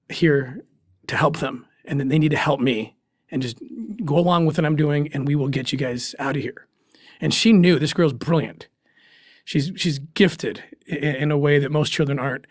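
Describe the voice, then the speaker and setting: A man's voice: fairly high pitch, no echo, studio quality. Earnest man telling an emotional story. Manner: earnest and emotional, with restarts and pauses. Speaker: guest, former special agent. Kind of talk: personal story told in an interview.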